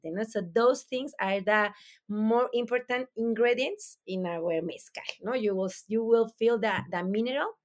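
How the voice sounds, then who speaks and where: A woman with a Mexican accent, a native Spanish speaker, explaining her production in halting English with many restarts as she searches for words. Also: a little high. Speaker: mezcal producer. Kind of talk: interview answers.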